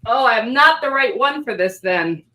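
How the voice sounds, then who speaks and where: A woman's voice: a little high, animated, measured pace, bright, forceful tone, dry recording. A woman calling into a livestream, chatty and joking around. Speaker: caller on a stream. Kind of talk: casual livestream chat.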